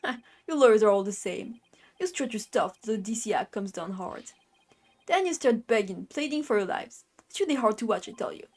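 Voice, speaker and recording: A gruff male strongman with a put-on Brooklyn accent, as a woman puts him on for a game. He barks threats in a gangster drawl and ends his lines with "see?". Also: medium pitch, expressive, fairly quick, a little mellow. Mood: gruff, menacing. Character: blustering middle-aged male tough-guy minister.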